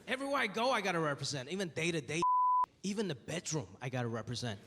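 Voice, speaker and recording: A man doing a stand-up comedy set, telling stories in an animated way and acting out voices. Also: on the high side, quick pace, heavy background noise. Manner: animated storytelling with acted voices. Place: theater stage with live audience. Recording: roomy hall with crowd laughter. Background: audience laughing.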